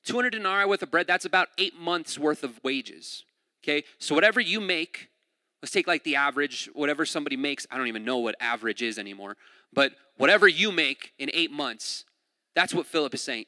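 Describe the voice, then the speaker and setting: Bright-voiced casual preacher in a hall. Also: male voice, a little high, expressive, fairly quick, clean studio sound. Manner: casual, uses "like" often, repeats words. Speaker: pastor. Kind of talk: conversational sermon.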